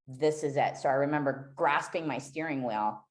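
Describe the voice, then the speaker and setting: A woman's voice: a bass voice, moderate pace. A woman guest on a podcast, candidly telling a raw, emotional personal story and swearing freely.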